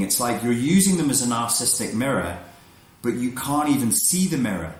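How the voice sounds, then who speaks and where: A man's voice: medium pitch, animated, fairly quick. A man talking in a frank, casual monologue, blunt and prone to restarting his sentences, who says he works with adolescents. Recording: echoey room.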